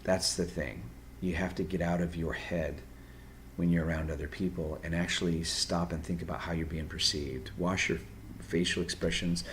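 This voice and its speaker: A man talking straight to viewers, giving earnest, direct advice off the cuff, pausing and restarting as he thinks. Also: sits low, little pitch movement, fairly bright tone, a little hiss or hum. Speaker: video host giving personality-type advice. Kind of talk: unscripted advice monologue.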